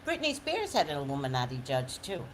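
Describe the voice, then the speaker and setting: A woman psychic chatting on a live stream, greeting viewers by name and giving her blunt, animated opinions. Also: deep voice, fairly quick, slight background noise, low-quality recording.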